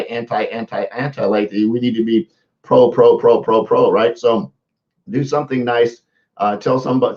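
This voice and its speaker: A man's voice: mid-range voice, darkish tone, dull audio. A man coaching viewers in a casual live social media talk, often repeating words and restarting his sentences. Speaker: motivational coach.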